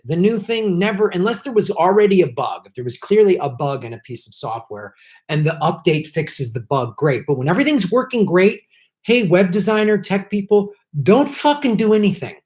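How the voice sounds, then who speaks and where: A man hosting a casual live stream, chatting with viewers, clearing his throat often and swearing in frustrated outbursts at the tech. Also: sits high, sing-song, moderate pace. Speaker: political comedian and live stream host.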